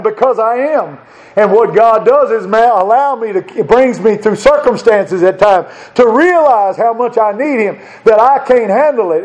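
A man's voice: sits high, darkish tone, highs cut off. A man preaching a sermon in an earnest, conversational way, repeating short phrases for emphasis.

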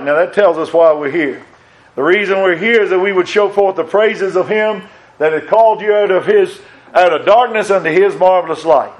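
A man's voice: high-pitched, moderate pace, poor audio. A middle-aged man preaching a sermon as pastor, earnest, repeating phrases and quoting scripture in old wording.

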